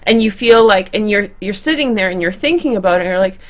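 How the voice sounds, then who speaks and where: A woman's voice: mid-range voice, expressive, a little fast, few pauses. A young woman reading tarot cards for her viewers in a chatty, conversational way, often restarting and correcting herself. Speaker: tarot reader. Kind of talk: tarot card reading to camera.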